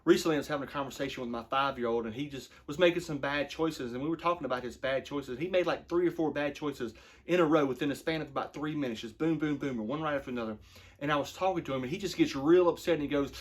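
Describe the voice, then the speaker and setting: A man in his thirties, a pastor giving a short devotional sermon in an earnest, conversational way, slowing down to read scripture. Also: medium pitch. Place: church.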